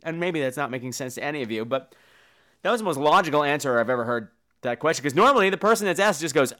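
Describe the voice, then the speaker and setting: A man's voice: a little high, lively intonation, fast talker, pushed and bright. A man hosting a comedy podcast, ranting in a campy, profane way and acting out the people he quotes. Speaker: podcast host. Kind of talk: comedic rant.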